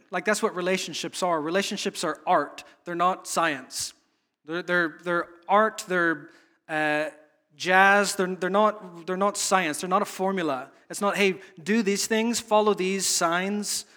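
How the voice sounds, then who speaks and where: A man's voice: high voice, bright, forceful tone. Earnest male pastor preaching. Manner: earnest, repetitive, halting restarts. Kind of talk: sermon.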